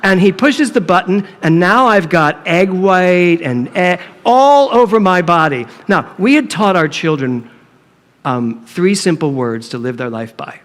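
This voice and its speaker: A middle-aged man preaching a sermon, telling a humorous story and acting out the dialogue in a playful, animated way. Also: high voice, unhurried. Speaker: minister. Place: church sanctuary. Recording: long reverb of a hall.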